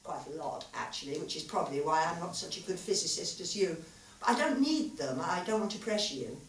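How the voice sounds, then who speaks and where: A woman reading aloud the lines of a sharp, clever young woman physicist, wry and candid. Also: on the low side, expressive, brisk, slight background noise, close to an everyday voice. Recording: echoey hall, mic far off.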